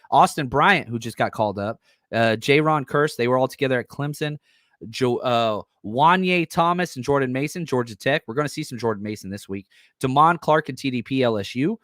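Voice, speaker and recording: A man with a middle-pitched voice hosts a casual sports podcast, excitable and loose, full of ums and uhs. He is recorded close and dry, with no room sound. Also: no room sound. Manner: enthusiastic, excitable, loose with fillers. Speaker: podcast host.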